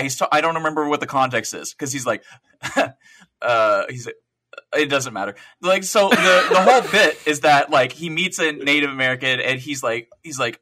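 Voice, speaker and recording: A man's voice: medium pitch, pushed and bright. A man co-hosting a gaming podcast in casual chat, rambling through stories, swearing and laughing at his own jokes. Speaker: podcast co-host.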